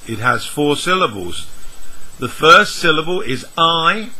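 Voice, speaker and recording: A man teaching English vowel sounds, spelling out letters and sounds one at a time in a measured lesson. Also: on the high side, pushed and bright, poor audio. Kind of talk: slow, deliberate lesson explanation.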